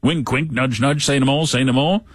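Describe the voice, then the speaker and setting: A man's voice: medium pitch, fairly even intonation, normal speed, slightly rough, dry recording, lightly acted. A man putting on a cheeky, winking British comedy voice full of innuendo. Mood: sly. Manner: winking, suggestive.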